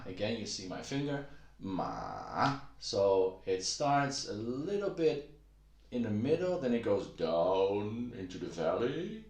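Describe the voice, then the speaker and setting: A man with a fairly low voice talks through a casual language lesson in a roomy, echoing space. His explanations are relaxed and full of "uh" fillers. He breaks into high, exaggerated syllables to demonstrate the tones. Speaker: Mandarin tone teacher.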